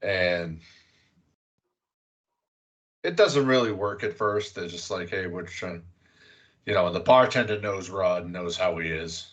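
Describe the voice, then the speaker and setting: A man's voice: low-pitched, animated, measured pace, pauses often, a bit bright. A man hosting a podcast, casually recapping a film with loose, rambling talk and the odd curse. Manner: rambling recap with fillers and profanity. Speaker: podcast host. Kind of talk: casual movie recap chat.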